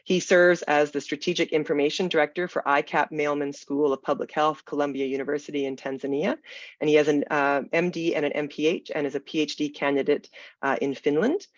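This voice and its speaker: A webinar moderator with a gravelly voice, irritated by smoky air, speaking in a halting, hedging way over a video call. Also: mid-range voice, little pitch movement, no room sound. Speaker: panel moderator. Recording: dull, dry video call audio.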